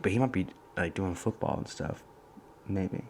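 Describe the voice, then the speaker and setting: Young dude w a deep voice, hushed rambly podcast chat. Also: male voice, moderate pace, slight background noise. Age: young adult. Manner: soft, hushed, rambling storytelling. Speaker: podcast host. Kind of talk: casual solo podcast chat. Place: college dorm room.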